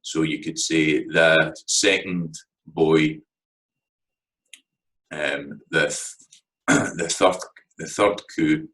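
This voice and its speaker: A Scottish man with an extremely low, deep voice talks through a lesson in a relaxed, conversational way. He fills his pauses with "um" and checks in often with "right?". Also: low-quality recording. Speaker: language teacher. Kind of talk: casual spoken lecture.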